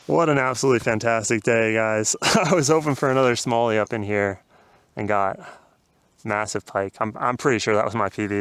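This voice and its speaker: A man vlogging his fishing day outdoors on a river, talking casually to viewers with excited exclamations and laughter. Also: lowish voice, clean tone, no room sound.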